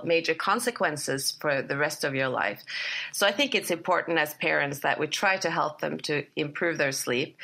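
Woman researcher, deep and gravelly, measured interview answers. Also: bright, forceful tone. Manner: measured, hesitant with fillers.

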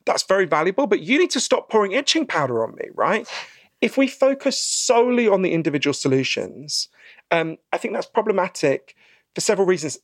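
A man being interviewed about his book, telling stories in a lively conversational way and acting out the voices he quotes. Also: a little high, no echo, studio quality. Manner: animated storyteller, acts out quoted voices, frequent "right?".

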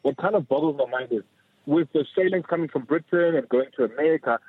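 A man's voice: a little high, fast, breathy edge, no room sound. A male caller on a radio phone-in, asking a question curiously with many fillers. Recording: tinny phone line.

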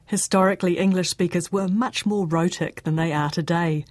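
A woman with a New Zealand accent presents a radio science show, reading her script crisply and clearly. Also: lowish voice, steady tone, normal speed, a little mellow, no echo. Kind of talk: scripted radio narration and interview. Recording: dry studio sound.

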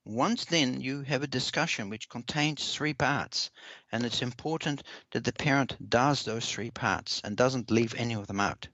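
A man answering interview questions in a measured, earnest way, often repeating words as he explains. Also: medium pitch, bright, forceful tone, dry recording. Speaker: parenting expert guest. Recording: dull lo-fi dry recording.

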